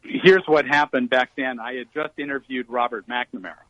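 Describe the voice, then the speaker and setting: A man guest in an interview, recounting stories in a measured, explanatory way. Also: medium pitch, fairly even intonation, fairly bright tone, no room sound. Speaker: guest journalist. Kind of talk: interview storytelling. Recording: dry phone-like remote line.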